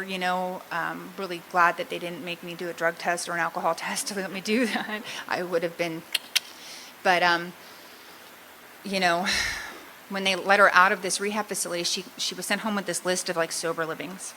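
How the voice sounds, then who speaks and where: A woman's voice: on the low side, little pitch movement, moderate pace, sharp tone, a little hiss or hum, low-quality recording. A middle-aged woman from Southern California sharing her recovery story in a candid, self-mocking way, often laughing at herself. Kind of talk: personal testimony talk.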